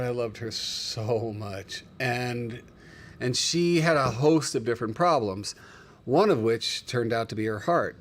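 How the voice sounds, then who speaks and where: A male livestreamer with an average-pitched voice chats casually and shares heartfelt stories from his own life. He is openly emotional and addresses his viewers by name.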